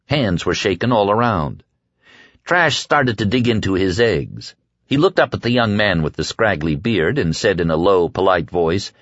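A man narrating an audiobook in a lively, expressive way. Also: lowish voice, normal speed, dry recording. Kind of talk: scripted narration. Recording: dull, dry lo-fi recording.

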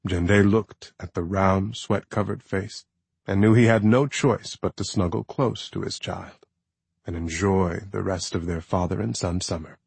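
A man reading a novel aloud as narrator, measured and expressive. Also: sits low, creaky, slightly rough, no echo. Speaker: audiobook narrator. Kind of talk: scripted narration.

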